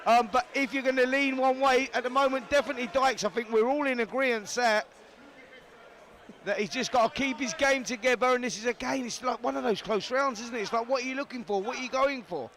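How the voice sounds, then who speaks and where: Male Cockney ringside commentator, chatty and repetitive, high pitched. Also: brisk, fairly bright tone, a little hiss or hum. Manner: chatty, matey, repeats himself. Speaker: boxing commentator. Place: boxing arena.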